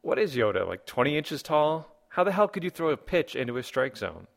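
A man's voice: on the high side, big pitch swings, a little fast, creaky. A man hosting a comedy podcast, reading listener comments and rambling through wry rhetorical questions. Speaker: podcast host.

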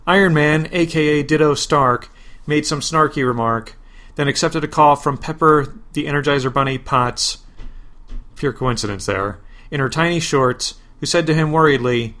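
A man hosting a podcast, reading a parody superhero story in a deadpan way, flatly spelling out web addresses and asides. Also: a little high, moderate pace. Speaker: podcast host.

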